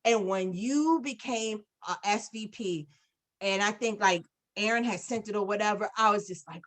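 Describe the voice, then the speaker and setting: A woman speaking on a business video call, telling an effusive, animated story full of fillers and praise for a colleague. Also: medium pitch, normal speed. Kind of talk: casual testimonial on a video call.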